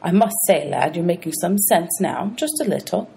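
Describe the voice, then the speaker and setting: A woman's voice: on the low side, animated, normal speed, vocal fry, mellow, slight background noise. A woman reading aloud, voicing a greedy ancient male ferryman of the dead who grumbles and haggles. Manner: grumbling, sly, money-hungry.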